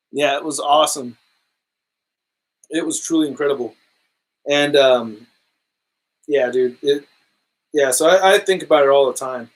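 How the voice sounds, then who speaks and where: A man in his thirties chatting casually on a livestream while arranging collectibles at home, excitable and rambling, full of slang. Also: fairly high pitch, rough recording. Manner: excitable, rambling, says dude and epic. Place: home display room.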